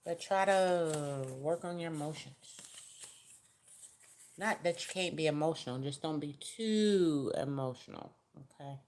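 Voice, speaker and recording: Low-voiced woman reading tarot. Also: a little slow, a little mellow, a little hiss or hum. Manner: chatty, folksy, gives direct advice. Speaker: tarot reader. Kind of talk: casual tarot reading to the viewer.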